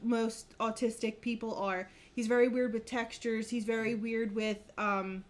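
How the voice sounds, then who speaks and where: A young woman co-hosting a podcast, chatting casually and telling lively family stories. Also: fairly high pitch. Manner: animated storyteller, chatty and quick to laugh. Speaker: podcast co-host. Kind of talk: casual chat.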